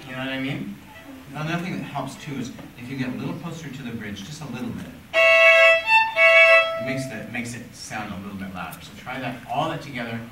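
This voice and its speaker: A middle-aged man coaches a young violinist, patient and encouraging, his voice lively and swinging up and down. He sounds set back from the mic in an echoey conservatory room, with violin music loud behind him. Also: mid-range voice, brisk, far from the mic. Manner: encouraging, patient, asks questions. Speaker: violin teacher giving a critique. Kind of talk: gentle coaching of a child.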